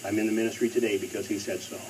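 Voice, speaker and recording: A man's voice: on the low side, flat delivery, racing, recorded from a distance, a little hiss or hum, poor audio. A male preacher delivering a sermon, emphatic and repeating phrases for stress.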